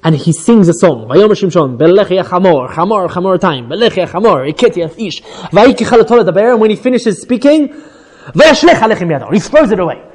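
Leading an informal Bible class, a man with a high voice retells the story briskly and with plenty of energy. He quotes Hebrew verses, then paraphrases them, checking in with "right?" again and again.

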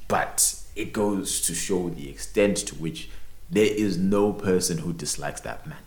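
A young man chatting casually as a podcast host, swearing and repeating words as he tells an animated story. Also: low-pitched, measured pace. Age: young adult. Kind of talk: casual chat. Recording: roomy echo.

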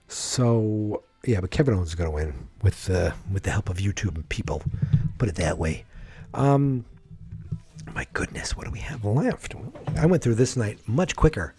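A man's voice: fairly low pitch, mellow, breathy edge, no room sound. A man giving a rambling, frank solo commentary on wrestling, swearing freely and thinking aloud. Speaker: wrestling podcaster.

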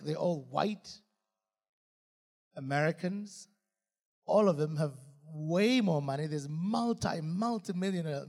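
A man preaching a sermon in an emphatic, repetitive style, with sudden bursts of loud emphasis. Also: high-pitched, vocal fry. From Uganda. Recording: reverberant hall.

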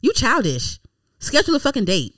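Animated woman host telling a story. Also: a little high, no room sound. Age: 30s. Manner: animated storytelling, quick and exasperated. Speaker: podcast host. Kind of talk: casual chat.

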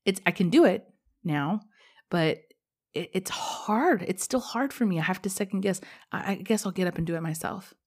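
A woman's voice: mid-range voice, expressive, moderate pace, a little mellow, slightly rough. A pregnant woman hosting her own podcast, talking candidly and rambling, with casual swearing, in a personal monologue. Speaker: podcast host.

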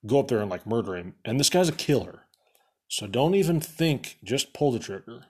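A man voicing a brisk male boss of a secret unit who gives matter-of-fact orders. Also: medium pitch, big pitch swings, a little mellow, breathy edge.

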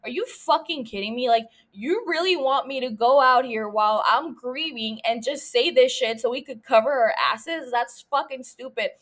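A brash young man who snaps back bluntly and swears freely, as a woman puts him on while recapping. His voice sits a touch lower than hers, with the same quick, offhand delivery. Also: a bit bright. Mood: indignant. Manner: blunt, profane, exasperated.

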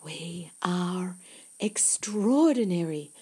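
A woman's voice: medium pitch, animated, a little slow, darkish tone. A woman reading an audiobook, voicing an earnest young girl who explains things with intense, insistent eagerness. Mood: whispered. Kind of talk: audiobook character voice.

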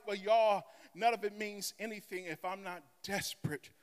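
A high-voiced male pastor preaches dramatically, dropping to soft asides and rising to loud cries. He calls on the congregation to answer him. A long reverb hangs on every phrase. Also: unhurried, hardly any pauses, clean tone. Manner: call-and-response with the congregation. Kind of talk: sermon.

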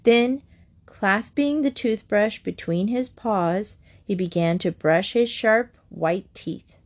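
Woman narrator, mid-pitched, gentle children's-book reading. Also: slow.

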